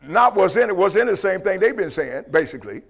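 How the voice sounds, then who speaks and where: A man's voice: high-pitched, big pitch swings, fast talker. A man preaching a testimony sermon, emphatic and repetitive, often asking "you know what I mean" and restarting his words.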